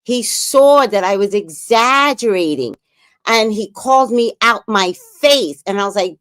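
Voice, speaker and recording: A woman's voice: medium pitch, expressive, measured pace, a bit bright. A middle-aged woman and grandmother hosting a casual livestream chat, talking bluntly with profanity and telling family stories. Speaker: livestream host.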